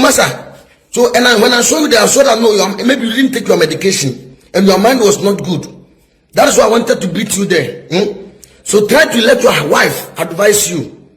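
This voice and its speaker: Through poor audio, a middle-aged prophet preaches a rebuke in a high voice with lively intonation at a moderate pace. Emphatic and repetitive, he hammers his points home and keeps asking his listeners, "is somebody getting my point?"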